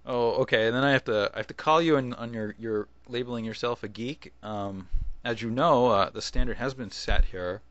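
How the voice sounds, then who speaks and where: A man's voice: medium pitch, moderate pace, hardly any pauses, fairly bright tone, no echo, muffled recording. A man talking casually in a video response, rambling, restarting his sentences and chuckling as he goes. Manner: rambling, self-interrupting with chuckles. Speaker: video blogger.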